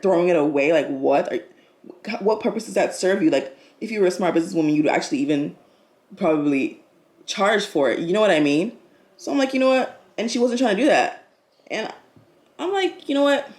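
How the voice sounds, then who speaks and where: A woman's voice: deep voice, darkish tone. A young woman, telling a story in a casual vlog and acting out both sides of the conversations. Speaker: vlogger.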